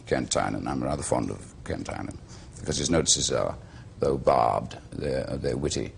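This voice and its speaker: A middle-aged Welsh man and actor, telling stories in a slow, measured, eloquent way as a talk show guest. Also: a bass voice, gravelly, a little hiss or hum. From Wales.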